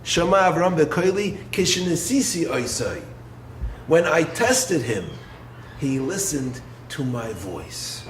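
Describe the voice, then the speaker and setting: A man, a rabbi, giving a Torah lecture in an expressive way, posing rhetorical questions and swinging from low, quiet phrases to raised ones. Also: slow. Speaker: rabbi and yeshiva head. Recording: roomy echo with faint background noise.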